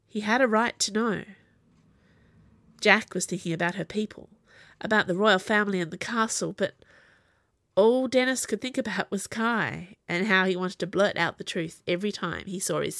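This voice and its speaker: A woman's voice: mid-range voice, fairly bright tone, no echo. Woman narrating a story, dry close sound. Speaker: audiobook narrator. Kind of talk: scripted narration.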